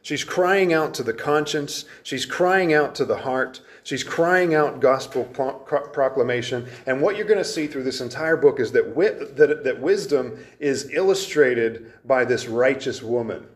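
A man's voice: mid-range voice, measured pace, few pauses. A man preaching an expository sermon in an earnest, emphatic way, with frequent restarts as he explains the verses.

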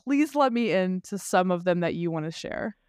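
A man co-hosts a casual film podcast, talking animatedly with frequent restarts and the occasional swear. His voice is smooth and resonant, recorded close and dry with no room sound. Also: sits high, lively intonation, moderate pace, no room sound. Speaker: podcast co-host.

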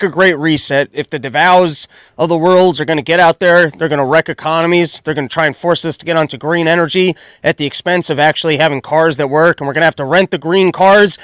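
A man in his thirties hosting a solo podcast, loud and exasperated as he rants in comedic commentary. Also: high voice, no room sound. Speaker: podcast host.

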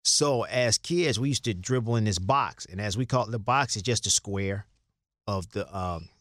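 A man's voice: lowish voice, normal speed, a bit bright, no room sound, clean studio sound. An older man from Chicago, a former player telling rambling stories in a casual interview. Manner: rambling, restarts, acts out quoted lines. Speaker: guest, former basketball player.

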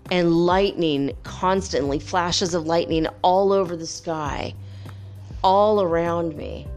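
A woman vlogger casually telling viewers a rambling, animated story, with playful whoops and laughs. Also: lowish voice. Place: home by the Pacific.

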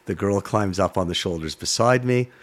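A middle-aged man from Canada, a former sports broadcaster, telling a story in a casual chat, animated and swearing freely. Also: on the low side, moderate pace. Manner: animated, swearing, acts out voices in his stories.

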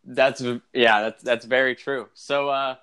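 A man's voice: mid-range voice, steady tone, measured pace, fairly bright tone, smooth. A young man hosting a casual hockey podcast, rambling and chatty, with lots of fillers and restarts. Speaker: podcast host.

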